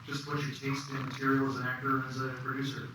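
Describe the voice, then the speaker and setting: A man interviewing a guest, asking questions in a somewhat halting way. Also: medium pitch, monotone. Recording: echoey room, distant mic, noisy.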